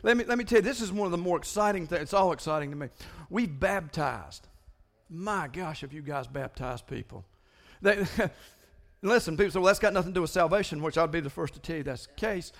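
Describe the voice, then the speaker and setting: Male pastor, high voice, animated and stumbling sermon delivery. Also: fairly quick, gravelly. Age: older than most listeners. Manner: animated, repeating words in bursts.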